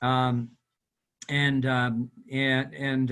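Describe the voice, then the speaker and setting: A man's voice: on the high side, unhurried, fairly bright tone. Earnest older man giving a talk. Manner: earnest, emotional, exhorting. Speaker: guest speaker, retired professor. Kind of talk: lecture over video call. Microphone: video call.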